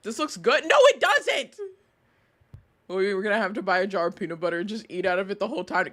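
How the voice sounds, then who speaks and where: A woman's voice: medium pitch, lively intonation, quick pace, fairly bright tone. A woman streamer, chatting to her audience and ranting with outrage and laughter. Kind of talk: casual live-stream chat.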